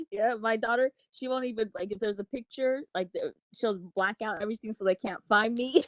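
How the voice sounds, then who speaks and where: A woman in her forties telling animated stories in a casual group discussion, laughing often. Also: on the high side, normal speed, no echo. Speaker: open mic participant.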